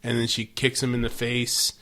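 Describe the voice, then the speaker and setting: A man co-hosts a casual podcast, swearing freely as he walks through the plot. He laughs often and jumps into quick bits of acted-out dialogue. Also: mid-range voice. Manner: profane, animated recapping with laughter. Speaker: podcast co-host. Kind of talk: casual chat.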